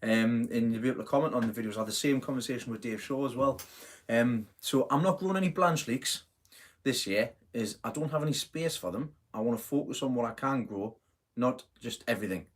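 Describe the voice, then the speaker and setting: A man's voice: medium pitch, brisk. A middle-aged man hosting a casual live stream, chatting in a rambling way, full of fillers and self-corrections. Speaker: host of a live gardening stream.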